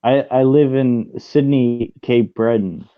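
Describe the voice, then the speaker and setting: A man chatting casually on a live stream, laid-back and unhurried. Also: mid-range voice, fairly even intonation, narrow, tinny audio, a crowd in the background. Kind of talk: casual chat.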